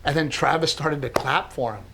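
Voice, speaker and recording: Animated, laughing man telling stories. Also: fairly high pitch, moderate pace, gravelly, background noise. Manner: animated, swears, laughs through his stories. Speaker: podcast co-host, comedian. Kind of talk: casual storytelling chat.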